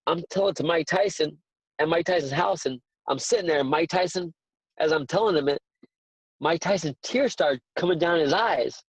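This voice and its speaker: Earnest storytelling man, slightly high voice. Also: moderate pace, husky, no echo, rough recording. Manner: earnest, excitable storyteller who repeats words. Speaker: guest, boxing trainer. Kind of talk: casual interview storytelling.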